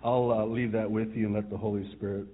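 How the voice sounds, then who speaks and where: A male pastor preaching a sermon, telling the story with chuckles and soft asides. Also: on the low side, little pitch movement, fast. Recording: tinny phone-like sound.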